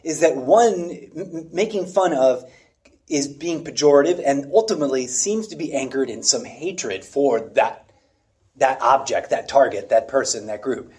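A man in casual conversation about theatre, thoughtful and measured, searching for the right words. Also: medium pitch, a little mellow. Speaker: theatre actor and director.

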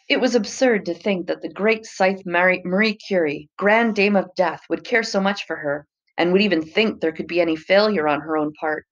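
A woman narrating a novel chapter in a measured, even storytelling manner. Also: on the low side, muffled recording. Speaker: audiobook narrator. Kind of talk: scripted narration.

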